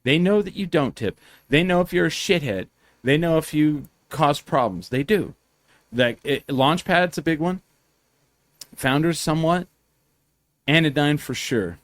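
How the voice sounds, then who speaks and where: A man's voice: a little high, lively intonation, measured pace, no echo. Guy rambling through bar stories, swears a lot, does little voices for people, dry mic. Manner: rambling, profane, acts out quotes in voices. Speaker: podcast host. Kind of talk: casual chat, storytelling.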